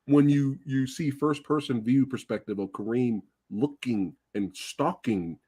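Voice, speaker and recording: A man hosting a casual movie review chat, gushing and excitable, swearing freely. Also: medium pitch, a little slow, husky, no echo. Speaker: podcast host.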